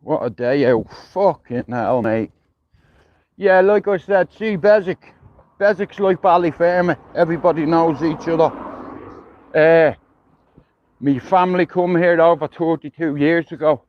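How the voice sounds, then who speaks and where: Middle-aged Dublin man, rambling sweary livestream chat, slowish pace, fairly high voice, dry dull phone sound. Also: dry recording. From Ireland. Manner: rambling, sweary, "you know what I mean". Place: outdoors, walking through a neighbourhood.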